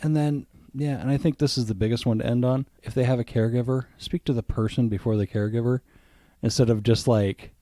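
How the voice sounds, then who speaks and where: A man's voice: medium pitch, steady tone, a little fast, mellow, no room sound. A man hosting a podcast in casual chat, swearing freely and rambling through asides. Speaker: podcast host.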